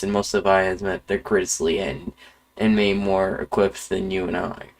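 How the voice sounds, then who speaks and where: A man reading out a game's wandering bug explorer in a put-on Irish accent, stumbling over words now and then. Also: on the low side. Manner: reading aloud with halting slips. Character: curious wandering male bug explorer, genteel. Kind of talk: reading game dialogue aloud.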